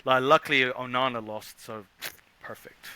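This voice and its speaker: A man co-hosting a casual podcast chat, animated and jokey, who swears freely. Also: medium pitch, moderate pace, smooth, no echo. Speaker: podcast co-host.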